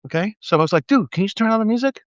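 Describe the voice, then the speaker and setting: Animated profane ex-cop man storytelling. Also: high voice, very fast, dry recording, dull audio. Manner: animated, acts out quoted voices, profane, laughs. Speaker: former police officer, livestream host. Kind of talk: casual storytelling monologue. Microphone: livestream mic.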